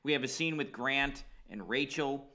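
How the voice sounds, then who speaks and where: A man's voice: mid-range voice, moderate pace, pushed and bright. A man co-hosting a casual podcast, retelling a film's plot in a loose, conversational way with many fillers. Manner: loose, uses many fillers, sympathetic asides. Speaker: podcast co-host. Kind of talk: casual movie recap chat.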